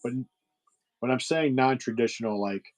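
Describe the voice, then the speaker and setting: A man's voice: medium pitch, moderate pace, low-quality recording. A middle-aged man hosting a livestream sale, chatting casually with viewers, rambling with lots of fillers and restarts. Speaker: livestream seller host.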